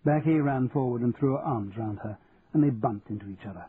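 A man narrating an audiobook in a measured, wry storytelling manner. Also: medium pitch. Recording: tinny, phone-like audio, faint hiss.

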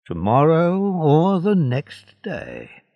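A man's voice: on the high side, wildly swooping pitch, slow, lo-fi sound, voice pushed up, heavily acted. A man reading a sly scheming seaman. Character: scheming jealous male seaman.

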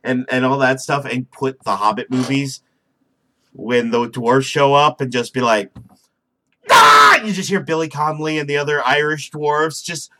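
A man's voice: mid-range voice, normal speed, heavy background noise. A man co-hosting a podcast in casual, profane chat, joking and laughing as he talks. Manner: joking, animated, laughs often. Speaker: podcast co-host.

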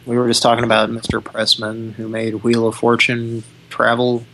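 Deadpan wisecracking man. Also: mid-range voice, moderate pace, a little hiss or hum, low-quality recording. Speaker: co-host. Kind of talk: loose live banter.

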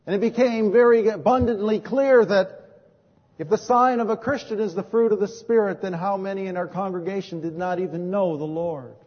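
A man's voice: high voice, normal speed. A man preaching a sermon, telling earnest stories and acting out the dialogue. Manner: earnest storytelling, acts out quoted dialogue. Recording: dull lo-fi audio with long hall reverb.

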